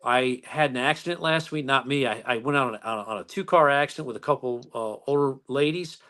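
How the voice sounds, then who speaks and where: A man, a police officer and interview guest, telling stories in a calm, unhurried way. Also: mid-range voice. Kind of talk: casual chat.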